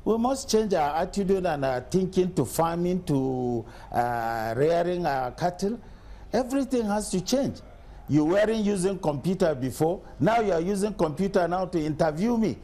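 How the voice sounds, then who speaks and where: A middle-aged man from Nigeria, a state governor answering questions in a TV news interview, arguing forcefully with rhetorical questions. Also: sits high, animated, normal speed.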